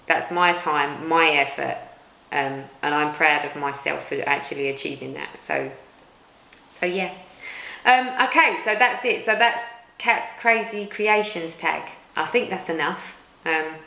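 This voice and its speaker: A woman's voice: deep voice, a little slow, creaky, bright, forceful tone. A middle-aged woman with a British accent, chatting at home in a casual vlog and rambling with many restarts. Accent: British English. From United Kingdom. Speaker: cross-stitch vlogger. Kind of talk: casual chat. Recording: roomy echo.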